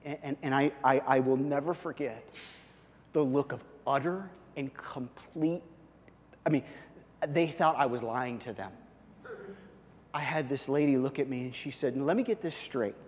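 A male pastor preaching, telling a story with lots of restarts and animated asides. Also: mid-range voice, measured pace, pauses often. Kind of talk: sermon with storytelling. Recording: long hall reverb.

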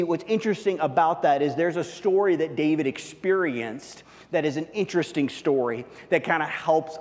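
A man with a fairly high voice preaches a sermon in an easy, conversational way, leaning on fillers and asides. His voice rings with the long reverb of a large hall. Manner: conversational, heavy use of fillers. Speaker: pastor.

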